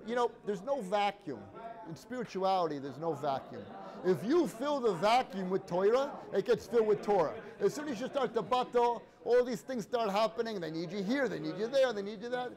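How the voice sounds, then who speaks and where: A man teaches a relaxed Torah class. He tells his stories in a chatty way and acts out the characters' quoted lines. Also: sits high, a little fast. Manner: conversational, storytelling with Hebrew and Yiddish-inflected terms, acts out quotes.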